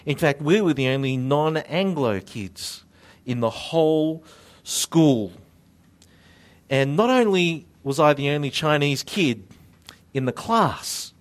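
Slow, joking preacher man. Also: fairly high pitch. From Australia. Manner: conversational, self-deprecating humor, slow deliberate delivery. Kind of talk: sermon.

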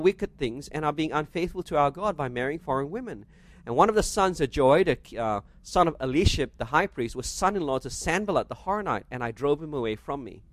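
A man's voice: on the high side, no room sound. Preaching man with a dry close sound. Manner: expository preaching, reads scripture aloud, asks the congregation rhetorical questions. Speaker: pastor. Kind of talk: sermon.

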